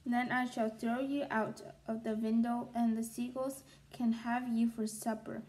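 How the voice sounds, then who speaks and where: A woman voicing a cruel, haughty old female witch in a storybook reading, in her own slow, high voice. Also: level tone, a little mellow, natural voice, rough recording. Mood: gloating.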